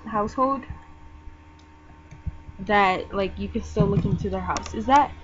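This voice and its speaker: Soft-spoken rambling young woman gamer. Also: measured pace. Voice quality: soft-spoken, talks low. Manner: rambling, chatty, lots of fillers. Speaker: gaming vlogger. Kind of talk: casual gameplay commentary. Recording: dull lo-fi mic with game music. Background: game music.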